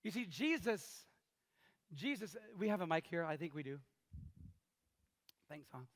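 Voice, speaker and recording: A man's voice: a little high, a little slow. A man in his fifties preaching a sermon as pastor, telling stories and acting out the voices of the people in them. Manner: animated storytelling, acts out quoted voices. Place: large church hall. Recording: live church hall with long reverb.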